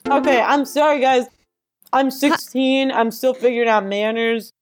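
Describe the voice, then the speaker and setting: A woman's voice: high-pitched, fairly even intonation, normal speed, soft background music, lightly acted. A woman playing an eager, awkward sixteen-year-old girl hosting a comedy talk podcast. She giggles, rambles and gets flustered, without a proper microphone. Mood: giggly. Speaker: host.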